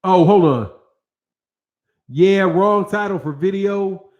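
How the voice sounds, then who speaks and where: High-voiced man hosting a casual livestream. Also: slow pace, darkish tone, highs cut off. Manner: casual, slangy and profane, talks straight to viewers. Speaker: boxing channel host. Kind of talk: livestream commentary, reading viewer chat. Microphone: studio microphone with several cameras.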